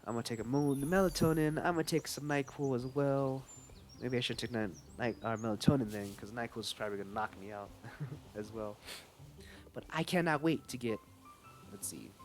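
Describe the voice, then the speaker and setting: A man's voice: mid-range voice, normal speed, a little hiss or hum. A young man chatting casually through a game live stream, rambling and playful, reading the game's dialogue aloud.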